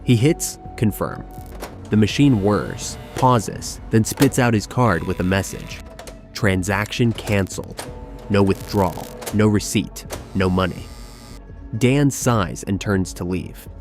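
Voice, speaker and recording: A man tells a true-crime style story in scripted narration, his voice sitting on the low side. He builds tension with clipped sentences and deliberate pauses. Quiet music plays underneath. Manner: tense, measured storytelling with dramatic pauses. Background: background music.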